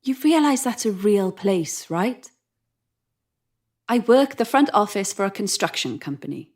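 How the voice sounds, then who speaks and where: An actress playing a sarcastic, sharp-tongued young woman who swears often and stays defiant while frightened. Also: medium pitch, very animated, unhurried. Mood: wry. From Wales. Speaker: traveler at a strange customs desk. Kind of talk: audio drama acting.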